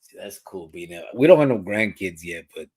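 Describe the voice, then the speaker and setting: A man, relaxed and unhurried. He chats casually on a live podcast, drops Spanish slang and swears freely. His tone stays easygoing and a little teasing. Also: deep voice, breathy edge. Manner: laid-back, reads viewer comments aloud, swears, mixes in Spanish slang. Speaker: podcast co-host. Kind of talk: casual live-stream chat.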